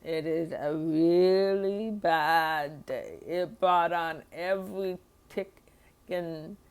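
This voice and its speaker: A woman's voice: lowish voice, drawn-out words, a little mellow, smooth. A woman talking through a hard day in a personal diary vlog, rambling and emotional, with sighs and nervous laughs. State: upset and overwhelmed. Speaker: vlogger.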